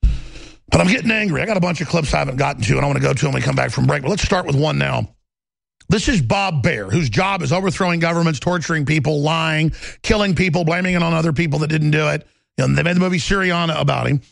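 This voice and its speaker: A man's voice: a little high, quick pace, vocal fry, dry recording. A man hosting a talk show, ranting angrily and mockingly in studio commentary, with sneering impressions of others. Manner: angry, mocking, shouting rants with sneering impressions.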